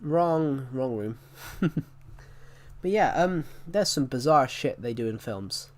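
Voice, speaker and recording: Man, mid-pitched, casual game commentary host, rambling, self-correcting. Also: animated, slow pace. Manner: rambling, repeats and corrects himself often. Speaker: gaming channel host.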